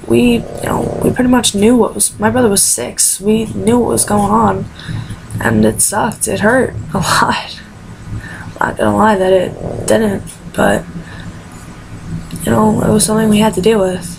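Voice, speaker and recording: A woman's voice: medium pitch, little pitch movement, normal speed, gravelly. A teenage girl telling a personal story in an emotional vlog, tearful and rambling. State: crying. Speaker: vlogger. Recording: noisy home recording.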